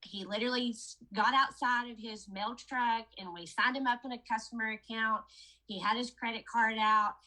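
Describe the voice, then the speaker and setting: A woman's voice: a little high, steady tone, moderate pace, pushed and bright, rough recording. A woman promoting a product, telling a chatty story to her sales team in a casual training talk. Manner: chatty storytelling, addressing listeners as "you guys".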